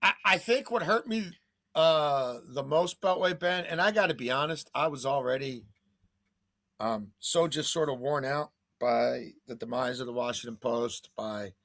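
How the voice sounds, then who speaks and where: A man's voice: medium pitch, normal speed, fairly bright tone, dry recording. A man hosting a betting talk show, rambling in casual, profane, gloomy chat.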